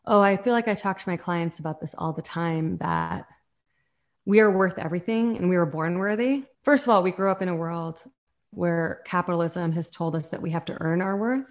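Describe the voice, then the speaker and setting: A woman's voice: on the low side, normal speed. A woman who works as a coach, talking earnestly and reflectively in a conversation about self-acceptance. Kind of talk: podcast conversation.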